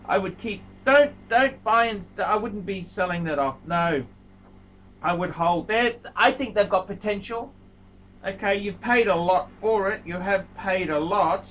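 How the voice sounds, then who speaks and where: A man's voice: high voice, a little slow, fairly bright tone, a little hiss or hum, poor audio. A man hosting his own video channel, giving a blunt, scolding watch review and repeating himself for emphasis. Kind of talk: casual video review monologue.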